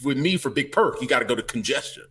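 A man's voice: mid-range voice, fast, slightly rough. A man co-hosting a sports podcast, chatting casually and enthusiastically about basketball. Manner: animated, enthusiastic. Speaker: podcast co-host.

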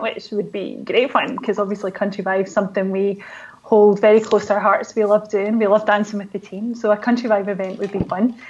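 A woman who judges dance competitions, chatting openly and emotionally on a video call. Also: medium pitch. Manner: open and emotional, speaks with feeling. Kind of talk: casual video call chat. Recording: dull lo-fi call audio.

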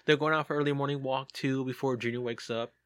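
Man, podcast host, mid-pitched voice, dry close sound, jokey asides. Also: fairly even intonation, fast talker, a bit bright, no echo. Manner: jokey, reads reports aloud with asides. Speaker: podcast host reading sightings. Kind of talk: casual podcast chat.

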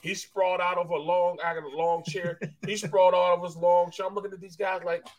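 A man co-hosting a sports show, telling a funny story in a lively, slangy way. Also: sits high, fairly quick. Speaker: co-host, former football player. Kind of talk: casual storytelling.

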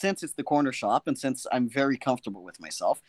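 A young man telling a funny personal story in a casual, animated, self-mocking way, often checking in with his listener. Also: medium pitch, racing, dry recording. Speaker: guest storyteller.

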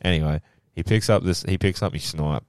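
A young Australian man telling stories in casual podcast chat, animated and full of swearing. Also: low-pitched, a little fast, dry recording, clean studio sound. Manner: animated storytelling, heavy swearing. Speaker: podcast co-host.

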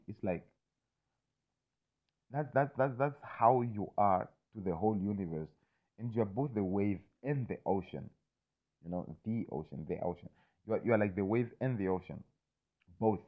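A man with a lowish voice talks in a loose, rambling way, swearing often and circling back with "you understand me?" The sound is thin and narrow, like it came over a phone line. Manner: loose, repetitive, swears freely, keeps asking "you understand me?". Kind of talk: casual rambling monologue.

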